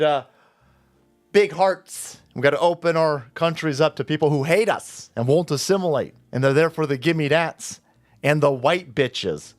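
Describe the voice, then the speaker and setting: A man's voice: a little high, no echo. Sarcastic man ranting over a video. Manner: sarcastic, mocking, loud asides. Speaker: commentary channel host.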